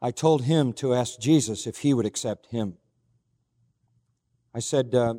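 A man's voice: mid-range voice, fairly even intonation, moderate pace, mellow. An older man, a pastor, preaching an earnest, emphatic sermon and retelling a story with quoted dialogue. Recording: hall reverb.

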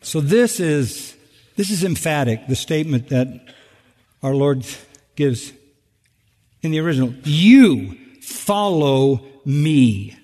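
A man preaching a sermon as pastor, animated, acting out quoted voices with big jumps in pitch and sarcastic emphasis. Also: unhurried, pauses often, in a large hall.

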